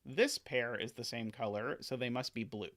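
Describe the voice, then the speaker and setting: A man's voice: medium pitch, normal speed, fairly bright tone. A man solving a sudoku live on stream, thinking aloud, often correcting himself and adding playful asides to his viewers.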